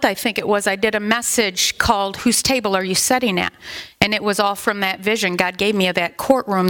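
A woman pastor preaching a sermon in a conversational, animated way, acting out quotes and adding asides. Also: medium pitch. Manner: animated, acts out quotes in put-on voices.

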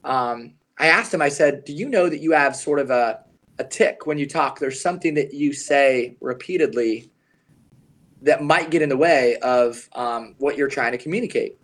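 A man co-hosting a podcast, talking through a coaching story. He sounds earnest and emphatic and leans on his key lines by slowing down. His voice sits in an ordinary middle range. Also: medium pitch. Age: adult, past his young advisor years. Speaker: podcast co-host, advisor coach.

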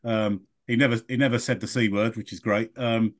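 A man's voice: lowish voice, steady tone, brisk. A middle-aged man, a podcast guest, telling a rambling story and correcting himself as he goes. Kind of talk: casual podcast chat.

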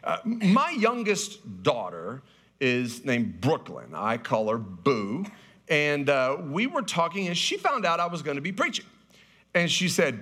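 A man's voice: fairly high pitch, sing-song, unhurried, fairly bright tone, husky. A man in his thirties preaching a sermon in a folksy, conversational way, with humorous storytelling. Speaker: guest preacher.

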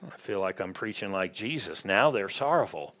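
A man's voice: on the low side, lively intonation, moderate pace, a bit bright. A man preaching a conversational sermon in a church, often asking the congregation questions. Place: church sanctuary.

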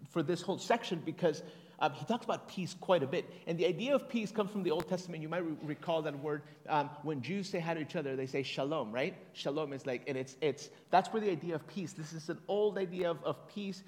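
A fairly high-voiced man preaches a sermon in an easygoing, conversational way, with fillers and restarts along the way. When he reads scripture, he slows to a deliberate pace. His voice rings out with a long reverb tail, as if it fills a large hall. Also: a little mellow. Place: church hall.

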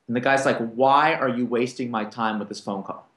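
A man speaking on a conference panel, telling business anecdotes and acting out the other people's lines in lively back-and-forth. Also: mid-range voice, moderate pace, reverberant. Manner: animated, acts out quoted dialogue. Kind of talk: anecdotal storytelling to an audience.

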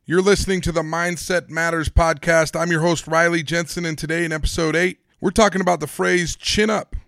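A man's voice: fairly high pitch, steady tone, fairly quick, vocal fry, a bit bright, dry recording, clean studio sound. A man hosting a solo motivational podcast, upbeat and speaking straight to his listeners with questions and instructions. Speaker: podcast host.

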